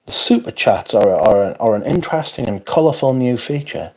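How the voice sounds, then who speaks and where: A man's voice: medium pitch, lively intonation, brisk, darkish tone. A man hosting a casual livestream, tired, rambling and self-deprecating as he reads out viewer comments. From North East England. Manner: rambling, self-deprecating, frequent yawns and interjections. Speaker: livestream host.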